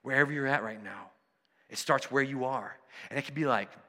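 Man, pastor, sermon, animated conversational delivery, bright voice, hall reverb. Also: medium pitch, brisk.

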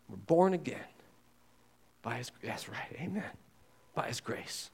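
A man preaching a sermon as pastor, talking straight to his listeners and swinging between loud and hushed. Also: medium pitch, expressive, unhurried, creaky, long pauses, slightly rough. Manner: conversational, addresses listeners directly.

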